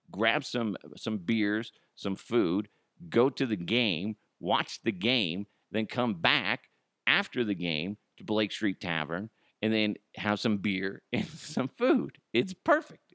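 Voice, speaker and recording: A man's voice: on the low side, a bit bright, no echo, studio quality. A man hosting his solo podcast, ranting profanely and laughing at his own jokes. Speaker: podcast host.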